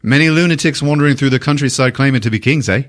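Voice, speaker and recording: A man voicing a boisterous, defiant bandit leader with a loud, mocking, theatrical delivery. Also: medium pitch, quick pace, pitched above the performer's own voice, close to an everyday voice.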